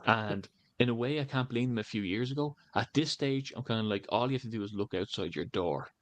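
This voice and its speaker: A man's voice: medium pitch, fairly quick. An Irish man in his thirties, a candidate talking in a loose, rambling way with lots of "you know" fillers. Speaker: election candidate canvassing. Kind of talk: casual interview talk.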